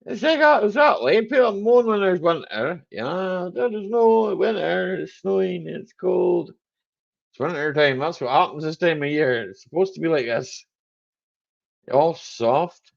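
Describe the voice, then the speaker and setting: A man's voice: high voice, animated, measured pace, gravelly, dull audio. A man hosting a casual live chat stream, joking and laughing a lot as he answers viewers. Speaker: livestream host.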